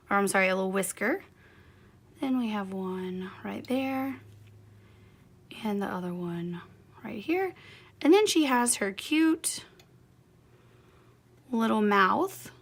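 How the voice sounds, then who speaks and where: A woman's voice: medium pitch, expressive, a little slow, creaky, pauses often. A woman giving a hands-on quilting tutorial, chatty and encouraging as she talks through each step while working. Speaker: quilting instructor.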